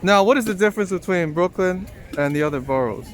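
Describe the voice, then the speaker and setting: Guy doing street interviews outside, higher voice, quick jokey questions. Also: expressive. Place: city street outdoors.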